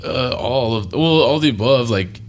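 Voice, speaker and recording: A man's voice: medium pitch, lively intonation, moderate pace. A man co-hosting a podcast, telling a dream story in laid-back, profane, casual chat. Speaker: podcast co-host.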